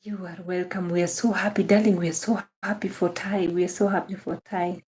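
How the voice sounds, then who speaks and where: A young woman with a Kenyan accent hosts a casual livestream, welcoming viewers one by one and repeating her thanks and praise. Her voice sits low and sounds mellow and soft-edged. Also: level tone, fairly quick. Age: young adult. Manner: effusive, repeats phrases, greets viewers by name. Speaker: livestream host.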